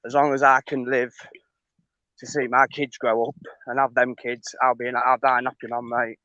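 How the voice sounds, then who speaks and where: A man's voice: mid-range voice, flat delivery, normal speed, bright, forceful tone, no room sound. Laid-back man on lo-fi audio. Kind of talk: casual chat on a livestream. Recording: dry, dull lo-fi audio.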